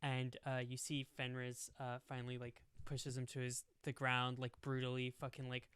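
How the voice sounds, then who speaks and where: A man's voice: mid-range voice, completely flat delivery, normal speed, a bit bright, smooth, no echo. A young man narrating a tabletop game as game master, rambling with lots of fillers. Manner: rambling, full of "like" and "um".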